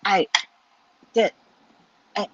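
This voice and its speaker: A middle-aged woman hosting her own show, telling a story to viewers in a chatty, animated way with asides and the odd swear word. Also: extremely slow, dry recording, lo-fi sound. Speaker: psychic reader and show host.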